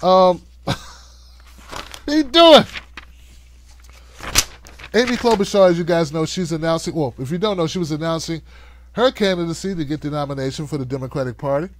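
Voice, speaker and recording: Animated high-voiced male commentator. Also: quick pace, a little hiss or hum. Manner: animated, conversational, cussing freely. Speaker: host. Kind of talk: livestream political commentary.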